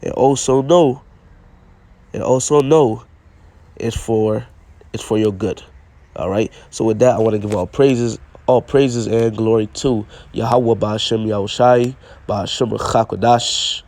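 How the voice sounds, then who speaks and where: Here the preacher speaks at a fairly low pitch and a measured pace, his voice a little mellow and free of room sound. His informal sermon alternates King James readings with plain explanations, and he keeps repeating himself, punctuating with "all right?"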